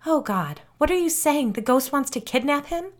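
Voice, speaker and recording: A woman narrator voicing a frightened mother who pleads anxiously in a higher, rising voice. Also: brisk, a little mellow, natural voice.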